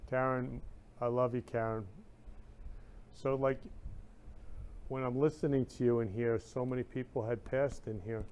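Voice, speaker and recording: An emotional, effusive man hosts a live-streamed talk show and reads viewer comments out loud. His voice sits in an ordinary middle pitch for a man, and he talks in a loose, heartfelt way. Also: level tone, measured pace, long pauses, clean tone. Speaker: show host.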